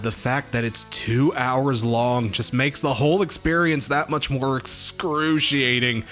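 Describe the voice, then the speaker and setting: Slow, exasperated man ranting. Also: mid-range voice. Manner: exasperated, swearing, deadpan complaints. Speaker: album review host. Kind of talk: profane comedic music review rant.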